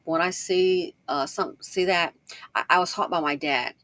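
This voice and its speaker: A woman delivers casual commentary in a bright, sharp-edged voice. She talks quickly and slangily and hammers her points home by repeating them. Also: on the low side. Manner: talks fast, tries to slow herself down. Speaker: YouTube commentator.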